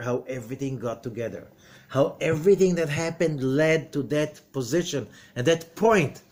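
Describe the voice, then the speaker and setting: A middle-aged man, a rabbi giving a spoken lesson, animated, with rhetorical questions and sudden swings between loud emphatic bursts and low quiet passages. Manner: rhetorical questions and acted-out quotes. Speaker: rabbi and Zohar teacher.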